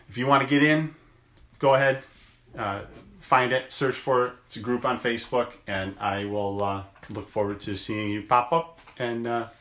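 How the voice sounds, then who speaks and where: A man who works as a chiropractor gives a motivational daily video message, talking slowly and deliberately in gentle encouragement and drawing out words for emphasis. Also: mid-range voice, echoey room.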